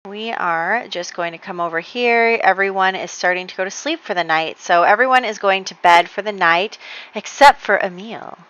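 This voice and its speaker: A woman narrates her life-sim game in a loose, rambling way, full of fillers. Her voice is bright and forward, and the recording is dry and close. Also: mid-range voice, clean tone, no echo, rough recording. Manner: rambling storyteller with many fillers. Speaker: let's play host.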